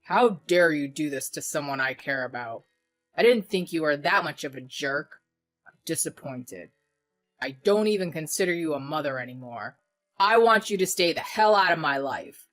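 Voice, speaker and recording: A woman's voice: a bass voice, moderate pace, hardly any pauses, fairly bright tone, faint music behind. A woman voicing a protective young husband who speaks in a stern, blunt way. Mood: furious.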